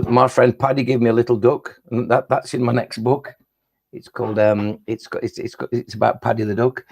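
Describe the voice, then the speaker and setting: A playful man performs his children's poems in a live online session, chatting to young listeners between pieces. His voice is gravelly and husky at a middling pitch. He often stops and restarts his sentences. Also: a little mellow. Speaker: children's poet.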